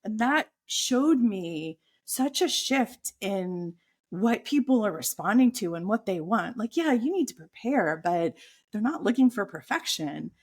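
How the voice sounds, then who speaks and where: A woman speaking at a middle pitch, telling a lively personal anecdote as a podcast guest. She slips into quoted inner thoughts as the story builds. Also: measured pace, slightly rough. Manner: animated anecdote with voiced quotes of her own thoughts.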